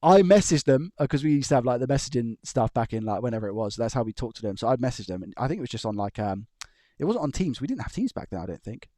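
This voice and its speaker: A man with a dark, mid-range, sing-song voice talks at a quick pace on his electronics repair live stream from his room. He rambles and chuckles while telling stories and restarting his sentences, recorded dry with clean studio sound.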